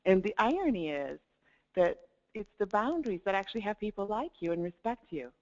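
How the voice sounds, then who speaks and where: A woman's voice: medium pitch, very animated, brisk. A woman coach giving a webinar talk, upbeat, laughing lightly between points and demonstrating tones of voice. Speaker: life coach presenting a webinar. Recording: dull lo-fi webinar audio.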